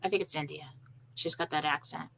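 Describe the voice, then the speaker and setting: Woman psychic on a live stream, bright tone, casual and rambling. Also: deep voice, steady tone, a little fast, vocal fry, slight background noise. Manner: casual, loose, thinks aloud with fillers. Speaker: psychic answering viewer questions.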